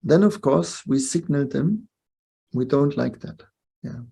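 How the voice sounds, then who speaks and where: A man's voice: a little high, lively intonation, slow pace, vocal fry, warm tone, husky. An older man giving a spiritual webinar talk, reflective, often ending points with short questions to listeners. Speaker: spiritual teacher. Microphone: video call mic.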